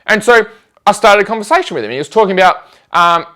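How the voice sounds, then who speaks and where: A man telling stories in a casual chat, animated and acting out the conversations he describes. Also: high-pitched, fast. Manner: animated, acts out conversations in quoted voices.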